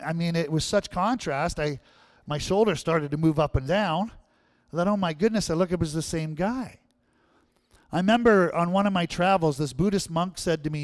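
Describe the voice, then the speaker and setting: This pastor's fairly high-pitched voice comes through a clean, dry studio recording. Talking conversationally, he regularly turns to the audience with a questioning "right?"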